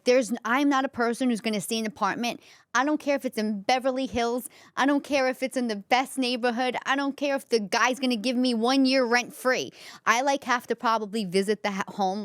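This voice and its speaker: Bronx-accented woman comic hosting solo, smooth clear voice, dry close sound, rambling candid storyteller. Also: on the high side, no echo. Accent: New York (Bronx). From the Bronx, New York. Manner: chatty storytelling, many fillers. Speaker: comedian and podcast host. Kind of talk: candid solo podcast monologue.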